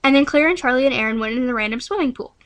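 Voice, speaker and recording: A woman's voice: sits high, rapid-fire, fairly bright tone. A young woman telling a rambling, silly made-up story in a playful, giggly way. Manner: giggly, playful, breaks into song.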